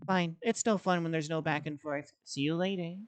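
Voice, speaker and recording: Brief: a playful woman streamer teasing her chat, low-pitched. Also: fairly even intonation, moderate pace, a little hiss or hum.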